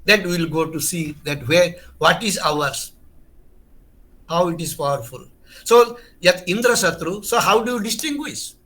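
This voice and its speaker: A man's voice: on the high side, lively intonation, normal speed, pushed and bright. A man, teaching Sanskrit grammar in a lecture, earnest and emphatic, repeating key terms and restarting phrases as he explains. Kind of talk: online lecture.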